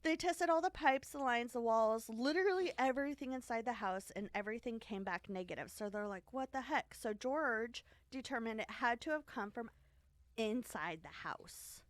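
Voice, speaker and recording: A podcast host, a woman, tells a story in a loose, rambling style with plenty of fillers and little giggles. Her voice sits fairly high. The close mic sounds dry, with no room echo. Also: expressive, normal speed. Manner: rambling, many fillers and acted quotes, giggly. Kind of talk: casual storytelling chat.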